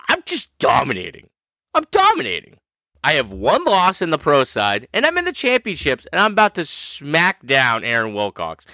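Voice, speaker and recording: A man's voice: on the high side, sharp tone, no echo. A man co-hosting a fantasy football podcast, boasting and trash-talking in playful banter. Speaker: podcast co-host.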